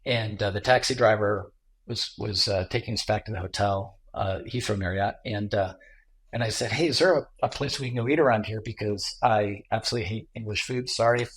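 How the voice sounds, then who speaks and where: A man's voice: lowish voice, brisk. A middle-aged man from Michigan, a tech entrepreneur guest, telling a travel anecdote in a casual interview, with lots of fillers and restarts. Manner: animated anecdote teller with many fillers.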